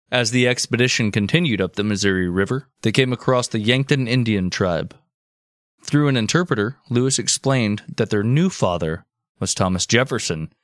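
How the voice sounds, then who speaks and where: Guy narrating history on a comedy podcast, bouncy pitch, crude jokes, dead dry sound. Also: no room sound. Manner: crude, joking asides between narration. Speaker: podcast host telling history. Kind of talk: comic history storytelling.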